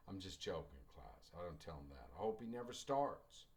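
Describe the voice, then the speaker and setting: A man's voice: deep voice, sing-song, moderate pace. A middle-aged man teaching a writing class, telling casual anecdotes and acting out the dialogue in them. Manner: folksy storyteller, acts out quoted dialogue, joking asides.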